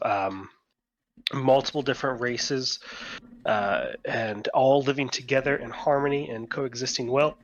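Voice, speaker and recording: A man's voice: medium pitch, fairly bright tone, highs cut off. A man narrating as game master of a tabletop game, hesitant with many fillers.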